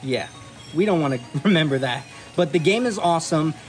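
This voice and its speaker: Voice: medium pitch, expressive, a little fast. A host casually reviewing a board game in an upbeat way, filling sentences with "kind of" as they explain the rules. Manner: upbeat, many "kind of" fillers. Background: background music.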